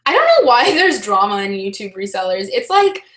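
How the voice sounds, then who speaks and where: Brief: young woman vlogger, casual livestream chat, bright voice, roomy echo. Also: mid-range voice, wildly swooping pitch, fairly quick. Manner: chatty, many fillers, reads chat aloud.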